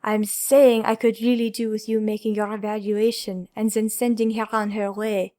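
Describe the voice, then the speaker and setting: A woman's voice: mid-range voice, little pitch movement, normal speed, warm tone, close to an everyday voice. A woman reading the part of a grave male hero leader, speaking in an earnest, apologetic and insistent way in an audiobook. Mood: earnest pleading.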